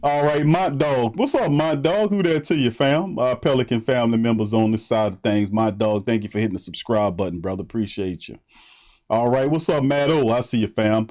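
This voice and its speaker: A man's voice: medium pitch, fairly quick, a little mellow. A man hosting a sports livestream, greeting viewers by name in loose, slangy chat and laughing often. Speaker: sports podcast host.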